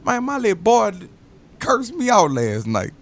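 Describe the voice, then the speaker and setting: Gravelly man telling loose stories. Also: sits high, measured pace. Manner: loose, animated storytelling with slang. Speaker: guest. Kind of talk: casual interview talk.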